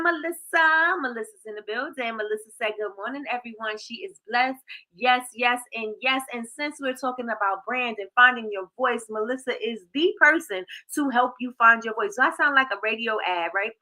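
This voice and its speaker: A woman hosting a casual live stream, warmly greeting viewers by name with lively, sing-song shout-outs. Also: high-pitched, rough recording. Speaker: livestream host.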